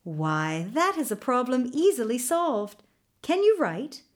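A woman storyteller voicing a young enchanted woman in a folktale, in a high, urgent, pleading voice. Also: sing-song, takes it slowly. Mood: gracious.

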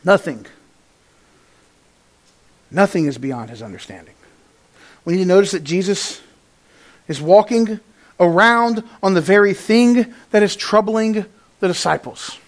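A man preaching a sermon to his congregation, moving between raised, emphatic passages and quiet, hushed ones, and acting out the lines he quotes. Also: high-pitched, unhurried, long pauses. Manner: animated, swings from loud to hushed, acts out quotes. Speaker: pastor.

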